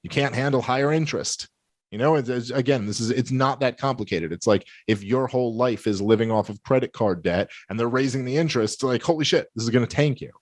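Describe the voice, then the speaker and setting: A man's voice: mid-range voice, brisk, no room sound, clean studio sound. A man on a podcast rambling emphatically in a casual monologue, with some swearing.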